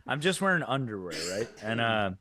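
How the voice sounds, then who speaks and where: A man's voice: medium pitch, sing-song, a little fast, bright, forceful tone. A young man co-hosting a comedy podcast, rambling through stories and laughing at his own jokes. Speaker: podcast co-host. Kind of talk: casual comedic chat.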